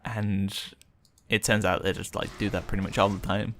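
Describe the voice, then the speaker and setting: A man's voice: fairly low pitch, little pitch movement, moderate pace, fairly bright tone, slight background noise. A young man telling a rambling, chatty story with lots of fillers while streaming a game. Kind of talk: casual storytelling while gaming.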